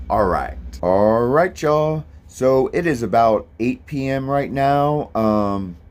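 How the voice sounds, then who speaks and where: A man's voice: medium pitch, darkish tone. Easygoing sounding man vlogging. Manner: easygoing, rambling, lots of ums. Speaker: thru-hiker vlogger. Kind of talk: casual vlog monologue.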